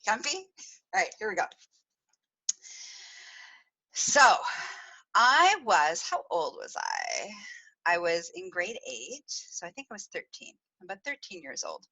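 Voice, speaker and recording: A woman's voice: fairly low pitch, wildly swooping pitch, unhurried, gravelly, long pauses, sharp tone, slightly rough, rough recording. A woman hosting a podcast, telling a personal story in a chatty, giggly way with lots of rambling restarts. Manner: rambling with many restarts and fillers. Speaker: podcast host.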